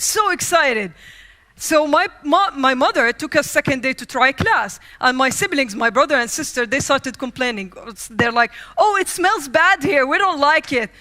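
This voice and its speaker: Woman keynote speaker from the Middle East, high bright voice, lively storyteller acting out scenes. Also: normal speed. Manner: lively, acts out scenes and quotes. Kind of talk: humorous storytelling speech. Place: conference stage.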